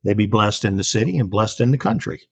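A man giving a Bible lesson in a slow, deliberate way, with many pauses and fillers. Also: on the low side, big pitch swings, creaky, husky, dry recording. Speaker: Bible teacher.

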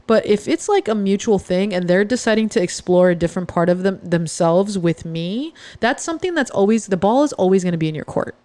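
A podcast host with a warm, expressive, medium-pitched voice tells a personal story fairly quickly and with few pauses. She's chatty and jokey, often cutting herself off mid-sentence, and there's no echo on the recording.

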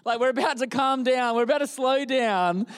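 A male pastor delivering a sermon at a church service, his voice pitched unusually high. He tells the story in a playful, animated way, mixing jokes into the preaching. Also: moderate pace, clean tone.

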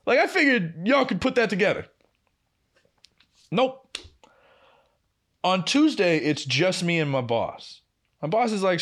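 Young male podcast co-host, casual storyteller, lively pitch sitting a bit high, profane. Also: a little slow, pauses often. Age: young adult. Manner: animated, swearing, acting out quoted lines with big pitch jumps.

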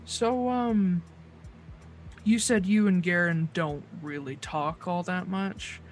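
A game master voicing a calm male investigator who asks measured, probing questions. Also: medium pitch, faint music behind, natural voice, rough recording.

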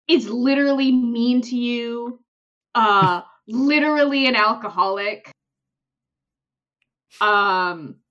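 A young woman chatting on a podcast in a fairly high voice, telling a story with lots of energy and acting out everyone's lines. She laughs often. The sound is dull and lo-fi. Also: fairly bright tone. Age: young adult. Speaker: podcast co-host. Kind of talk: casual chat.

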